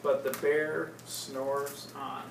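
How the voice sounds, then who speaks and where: A woman slowly reading a picture book aloud to small children, playful and stopping to ask them questions. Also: rumbling low, flat delivery, gravelly. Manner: slow, playful, asks the kids questions. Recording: roomy, distant, noisy home recording.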